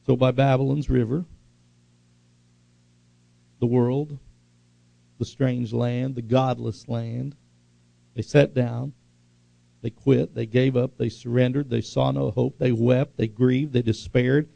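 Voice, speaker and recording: A man's voice: medium pitch, flat delivery, takes it slowly, gravelly, pauses often, mellow, no room sound. A man preaching a sermon, emphatic and repetitive, often putting questions to the congregation. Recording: dull lo-fi recording.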